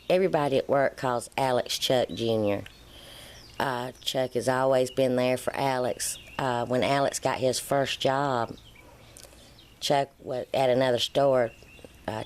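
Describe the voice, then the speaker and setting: A woman's voice: very deep voice, a little hiss or hum. A middle-aged woman, vlogging in a casual storytelling way and acting out the dialogue as she tells it. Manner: animated, acts out quoted dialogue.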